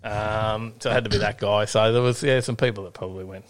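Laid-back Australian man, low voice. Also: fairly even intonation, quick pace. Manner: laid-back, joking, with lots of ums and self-repeats. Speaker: co-host. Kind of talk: casual live-stream chat.

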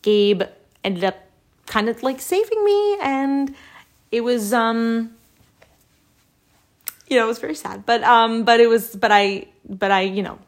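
A woman's voice: fairly high pitch, animated, measured pace, pauses often. Chatty young woman podcast co-host. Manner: chatty, laughs often, many fillers. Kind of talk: casual podcast chat.

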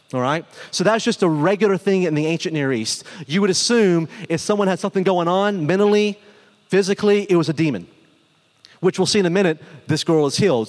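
A man preaching a sermon in a conversational, animated way, acting out the people he quotes. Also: sits high. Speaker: pastor. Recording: long hall reverb.

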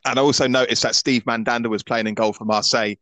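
A man's voice: medium pitch, fairly even intonation, quick pace, fairly bright tone, no echo. A Scottish man in his thirties hosting a football podcast in casual chat. He is opinionated and often stammers and restarts his sentences. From Scotland. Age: 30s.

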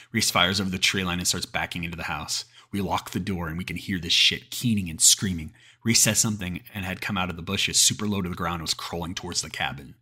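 A man's voice: low voice, sharp tone, breathy edge. A man narrating a creepypasta horror story in a cursing, casual way, often restarting mid-sentence.

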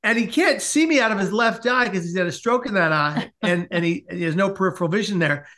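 A man, a podcast guest, telling a comic personal story with lively asides. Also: sits high, a little fast. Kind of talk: animated storytelling in a podcast interview.

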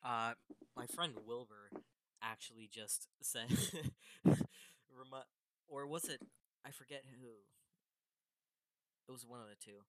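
A man's voice: medium pitch, slow pace, long pauses. Goofy young man on a podcast call. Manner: goofy, jokey, self-deprecating. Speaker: podcast co-host. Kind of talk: casual chat.

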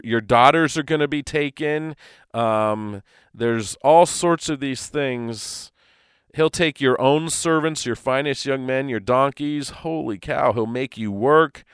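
A man's voice: mid-range voice, fairly bright tone, clean tone, dry recording, studio quality. A man teaching from the Bible on a podcast, earnest and conversational, with frequent restarts.

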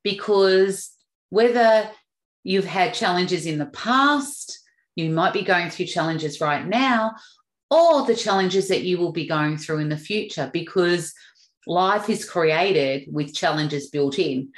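Woman, lowish voice, earnest animated speaker, roomy echo. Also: takes it slowly. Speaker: motivational speaker. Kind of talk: motivational talk.

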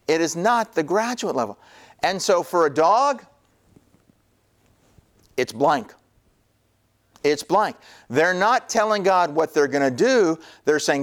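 Male preacher, sermon-style teaching: emphatic, repeats his points, slightly high voice. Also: animated, unhurried. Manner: emphatic, repetitive, jokey.

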